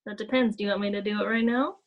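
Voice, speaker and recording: A woman co-hosting a casual chat, talking in an animated way with many "like" fillers and acting out gasping apologies. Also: medium pitch, rapid-fire, muffled recording. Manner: frequent "like" fillers. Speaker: podcast co-host.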